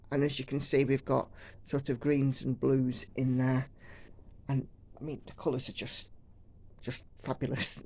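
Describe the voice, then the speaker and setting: A woman's voice: very deep voice, gravelly, warm tone. A woman from the United Kingdom chatting casually and rambling while she stitches at home. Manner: chatty, rambling, self-deprecating. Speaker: cross-stitch vlogger.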